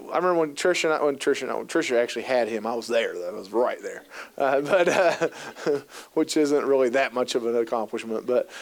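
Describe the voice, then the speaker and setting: Upbeat man telling jokey stories on stage. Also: on the high side. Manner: jokey, acts out quoted voices, lots of fillers. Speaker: keynote speaker on youth work. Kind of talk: humorous storytelling talk to an audience. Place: conference hall.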